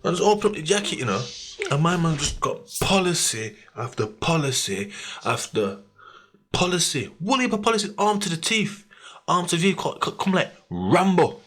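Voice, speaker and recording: A man's voice: a little high, normal speed. A man, hosting a podcast and telling stories in casual chat full of street slang. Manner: animated storytelling with street slang. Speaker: podcast host.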